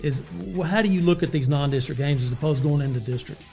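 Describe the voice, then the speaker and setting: Man hosting a sports interview, voice on the higher side, casual and chatty, faint music behind. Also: fast, mellow. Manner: conversational, with fillers. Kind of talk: interview questions.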